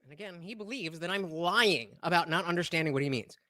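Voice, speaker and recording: A woman's voice: lowish voice, animated, fairly quick, pushed and bright, no echo, studio quality. A woman hosting a live stream, heatedly commenting on a debate clip in a profane, exasperated, argumentative way. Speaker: streamer host reviewing a debate.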